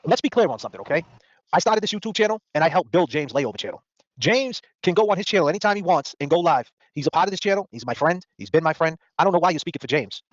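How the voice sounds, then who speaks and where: Fast-talking confrontational man. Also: a little high, sing-song, no room sound. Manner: confrontational, mocking, rapid-fire questions. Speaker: host. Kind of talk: heated podcast rant. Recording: dull dry lo-fi audio.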